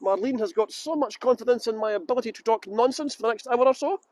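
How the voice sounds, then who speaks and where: With a very high-pitched, fast, darkish voice in a dry recording, a middle-aged tour guide livestreams casually outdoors in a busy city. He holds his phone, jokes around, rambles and greets viewers by name.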